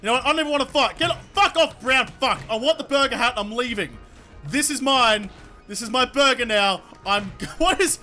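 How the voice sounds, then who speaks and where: Young gamer, very high bright voice, loud and yelling, faint game music behind. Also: male voice, normal speed. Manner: loud, excitable, swears and yells often. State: sore throat from yelling. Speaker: gaming YouTuber. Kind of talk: let's play commentary. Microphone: desk microphone.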